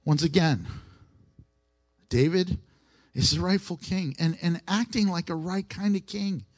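A male preacher with a slightly raised voice gives a relaxed, talky sermon. He puts questions to the congregation and repeats his main points for emphasis. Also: sits high, measured pace. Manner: conversational, asks the listeners questions and repeats key phrases.

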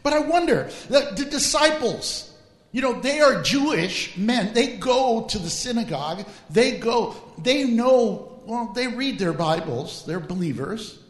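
A man preaching as a pastor in a lively, humorous way, drawing out emphatic phrases. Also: extremely high pitch, measured pace. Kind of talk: sermon. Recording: echoey hall.

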